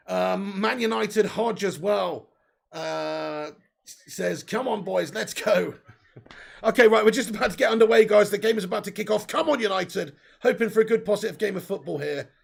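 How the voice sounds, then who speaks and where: A man hosting a live football watch-along, commenting excitedly and reading out viewer messages. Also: high voice, gravelly. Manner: excitable, casual, swears, reads out viewer messages.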